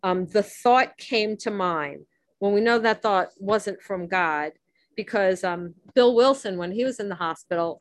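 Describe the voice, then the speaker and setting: Woman host talking thru recovery reading, earnest n chatty, mid pitch, dry close sound. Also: no room sound. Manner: earnest, conversational, with sarcastic asides and acted quotes. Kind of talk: teaching talk on a recovery text.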